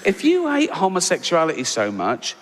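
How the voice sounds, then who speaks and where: Sardonic English comedian in a big hall. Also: male voice, huge pitch swings, normal speed, noisy background. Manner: sardonic, mocking, bursts into high-pitched incredulous outbursts. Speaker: stand-up comedian. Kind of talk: stand-up comedy. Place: large theatre stage. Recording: big hall reverb with audience laughter.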